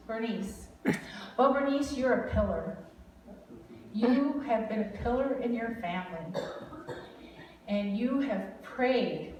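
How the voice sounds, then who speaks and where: A woman from Wisconsin speaks prophetically over a family in a loose, chatty way, often laughing and wandering into side stories. Her voice sits a little high. It reaches the mic from a distance, with long reverb filling a large hall and a faint hum of room noise. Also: darkish tone. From Wisconsin, USA. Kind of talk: informal prophetic ministry talk. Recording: echoey hall recording from far off.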